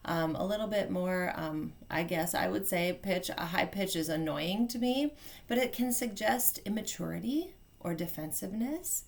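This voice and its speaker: A woman's voice: medium pitch, a little slow, vocal fry. A middle-aged woman coaching on family communication in a casual, chatty teaching manner, with fillers and self-corrections. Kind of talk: casual instructional talk.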